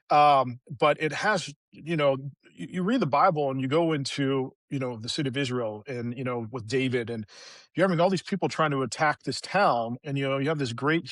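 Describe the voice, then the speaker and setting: A man sharing personal stories as a podcast guest in a casual, animated way, acting out the people he quotes. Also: medium pitch, no echo. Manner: animated, acts out quoted voices in retelling. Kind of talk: casual conversational storytelling.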